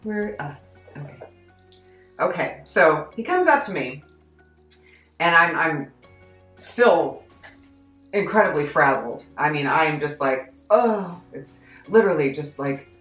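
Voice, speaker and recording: A woman's voice: deep voice, measured pace, pauses often, soft background music. Chatty woman in an echoey room. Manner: chatty, self-deprecating, animated, with frequent laughs. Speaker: vlogger recounting a job story. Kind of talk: casual storytelling vlog.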